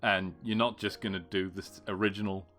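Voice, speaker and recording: A man from the UK co-hosting a podcast in casual chat, with a dry manner, his sentences trailing off quietly. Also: low voice, level tone, brisk. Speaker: podcast co-host.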